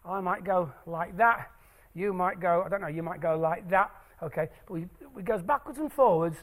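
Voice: mid-range voice, normal speed. A stage presenter doing maths tricks live for an audience in a hall, playful and jokey as they draw the crowd in.

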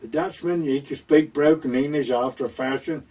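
A man's voice: medium pitch, moderate pace, dark tone, far from the mic. An older man recounting his wartime years at sea in a rambling oral history, acting out what people said. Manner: rambling anecdotal, acts out quoted speech.

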